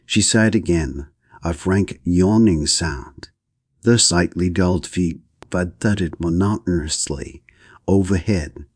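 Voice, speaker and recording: A man narrating an audiobook in a measured, even reading. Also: sits low, slightly rough, no room sound, studio quality. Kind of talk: scripted narration.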